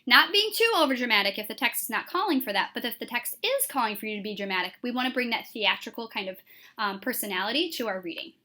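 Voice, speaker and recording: Bright-voiced woman teacher explaining. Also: a little high, expressive, quick pace. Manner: clear, explanatory, with frequent "um" fillers. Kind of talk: recorded classroom lesson.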